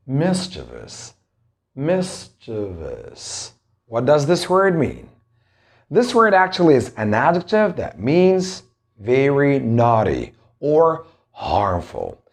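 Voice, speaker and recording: Young male English teacher, Arabic accent, slightly high and very animated, drills words emphatically. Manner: emphatic, drawn-out word drills and rhetorical questions. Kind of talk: spoken English lesson.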